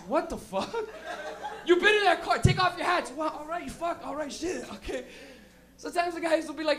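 A stand-up comedian doing a live set, rowdy and profane, breaking into loud shouted impressions. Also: extremely high pitch, fast.

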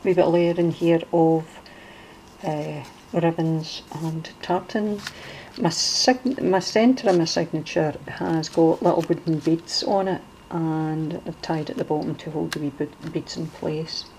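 A middle-aged woman with a Glasgow accent talks casually through a handmade journal, page by page. Her voice sits low and mellow. She rambles and restarts often. A faint noise floor runs beneath. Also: fairly even intonation, unhurried, low-quality recording. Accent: Glaswegian Scottish. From Scotland. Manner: chatty, wandering, with many fillers and restarts. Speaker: crafter showing a junk journal. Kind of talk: casual show-and-tell.

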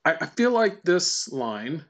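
A man walking through a software tutorial casually, thinking aloud and reading lines out to test them. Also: on the high side, big pitch swings, slow pace. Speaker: tutorial presenter. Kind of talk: screen-recorded software tutorial.

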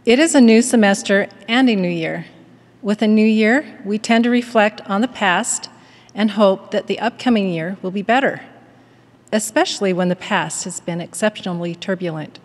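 A woman giving a prepared devotional address in a measured, earnest manner and reading a story aloud. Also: medium pitch, big-room sound. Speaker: devotional speaker at a university.

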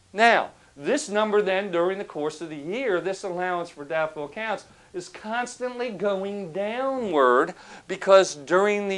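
A man's voice: sits high, a bit bright. A male professor giving a recorded accounting lecture, speaking conversationally, asking the class questions and telling anecdotes to make his points.

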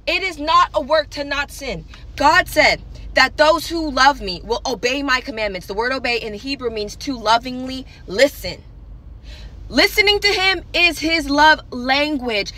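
A woman's voice: high-pitched, measured pace, sharp tone. A young woman preaching online, fervent and emphatic, with casual slang and urgent repeated warnings. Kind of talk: impassioned preaching to camera.

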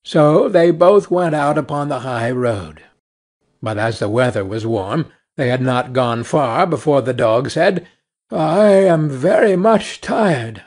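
A man narrating a fairy tale slowly and clearly for English learners. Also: medium pitch, expressive.

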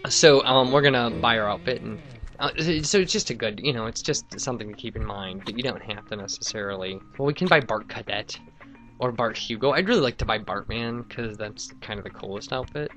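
A man's voice: medium pitch, a little fast, fairly bright tone, soft background music. A young man from Wisconsin giving rambling, chatty commentary while playing a game. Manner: rambling, chatty, many fillers and asides. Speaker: let's play host. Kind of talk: casual gameplay commentary.

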